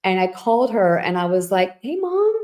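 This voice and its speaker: This podcast co-host, a woman in her thirties, speaks in a lowish, darkish voice that stays steady in tone and brisk in pace. She shares personal stories in casual chat, candid and emotional, with plenty of fillers and restarts.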